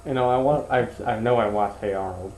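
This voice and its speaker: A man's voice: on the low side, a little fast, a little mellow, roomy sound, slight background noise, rough recording. A man chatting casually as a podcast co-host, laid-back, mostly giving short replies. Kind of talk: casual chat.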